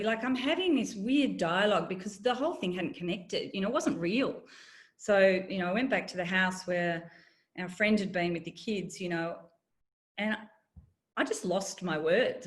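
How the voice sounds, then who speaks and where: A middle-aged woman, telling a personal story in an interview, candid and wry. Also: medium pitch. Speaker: guest, former journalist.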